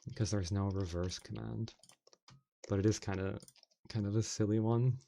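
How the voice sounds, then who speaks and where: A man's voice: lowish voice, fairly even intonation, normal speed, vocal fry, mellow, a little hiss or hum. A man chatting playfully as an ASMR streamer, reacting to his audience with frequent laughs. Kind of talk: casual ASMR stream chat.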